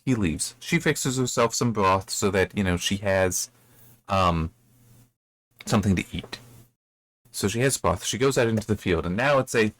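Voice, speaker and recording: A man's voice: fairly low pitch, normal speed, a bit bright. A man giving casual, rambling commentary on a book he has read, with frequent restarts and asides. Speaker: book reviewer.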